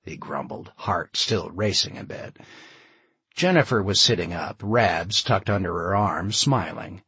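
Male audiobook narrator, low husky voice, lively intonation. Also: no echo. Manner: expressive, measured storytelling.

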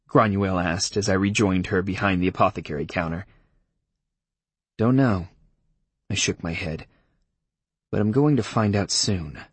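Man, audiobook narrator, first-person, dry wry tone, husky voice, dead dry recording. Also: fairly low pitch, no room sound.

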